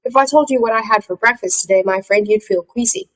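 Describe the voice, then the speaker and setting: A woman's voice: on the high side, fast, close to an everyday voice, poor audio. A woman voicing a small, emotional tree creature who frets and sobs easily, reading aloud from a book. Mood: fretful. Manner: fretful, prone to sighing and sobbing. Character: fussy little tree creature, emotional, fretful. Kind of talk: audiobook character reading.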